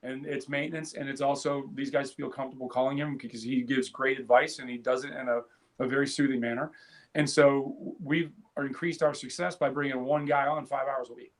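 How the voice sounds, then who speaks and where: A man co-hosting a tech podcast in casual chat. He tells stories in an animated way, restarts his sentences and breaks into loud laughs. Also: mid-range voice, a little fast. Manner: animated storyteller, laughs loudly, frequent restarts. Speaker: podcast co-host.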